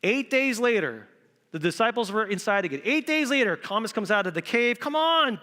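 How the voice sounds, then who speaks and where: A male pastor preaching an Easter sermon in a church, animated and acting out quotes in different voices. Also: sits high, a little fast. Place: church sanctuary. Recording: reverberant church hall.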